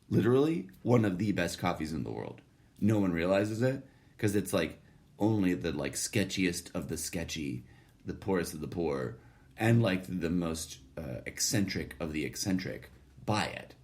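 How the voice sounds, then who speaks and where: Profane, rambling man with lively pitch. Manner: profane, sardonic, digressive. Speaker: podcast host. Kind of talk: rambling solo monologue.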